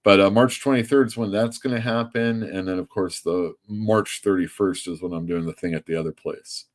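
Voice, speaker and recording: Low-voiced, rambling show host. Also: male voice, fairly even intonation, normal speed. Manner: loose, rambling. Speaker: comic shop show host. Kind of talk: casual chat.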